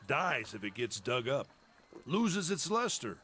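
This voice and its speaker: An actor playing a gruff, practical middle-aged caravan leader in a video game, who speaks in terse, matter-of-fact lines with a weathered, folksy drawl. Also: male voice, mid-range voice, very animated, measured pace, pushed and bright, a little hiss or hum. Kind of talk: voiced video game dialogue.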